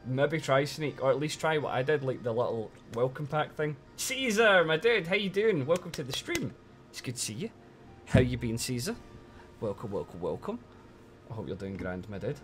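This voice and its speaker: A man's voice: mid-range voice, expressive, moderate pace, a bit bright, soft background music. A man chatting casually on a live stream, teasing his chat and swearing a lot while complaining that he is cold.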